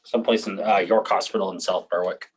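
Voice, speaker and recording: A man's voice: low-pitched, fairly even intonation, quick pace, breathy edge, rough recording. A man, chatting casually on a podcast, laid-back and swearing, with frequent laughs. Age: 30s. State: recovering from hip surgery. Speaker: podcast co-host. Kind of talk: casual chat.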